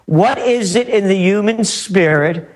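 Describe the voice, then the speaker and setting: A man's voice: high voice, measured pace. A man as a guest on a talk radio interview, ranting emphatically and repeating his points. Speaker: guest trend forecaster.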